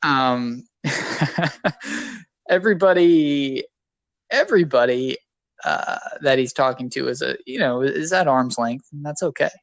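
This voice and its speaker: A man's voice: medium pitch, slow pace, long pauses, no room sound. Rambling, self-deprecating man co-hosting. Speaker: podcast co-host. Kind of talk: casual podcast chat.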